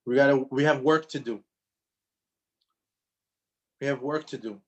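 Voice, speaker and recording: A man teaching a religious class, speaking in an emphatic, lively way and often repeating his phrases for emphasis. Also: mid-range voice, measured pace, highs cut off. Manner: storytelling with acted quotes. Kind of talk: lecture to an audience.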